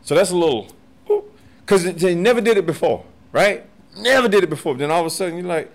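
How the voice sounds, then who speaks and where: A man's voice: high voice, fairly quick. A man in his forties or older, chatting casually on a podcast, swearing freely and laughing as he tells stories. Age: 40s or older. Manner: profane, animated, laughs often. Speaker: podcast guest, martial arts master. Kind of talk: casual storytelling chat.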